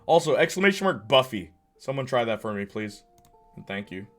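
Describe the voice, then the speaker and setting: A man streaming a game, chatting casually and answering his chat out loud. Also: medium pitch, sing-song, fairly quick. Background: faint music.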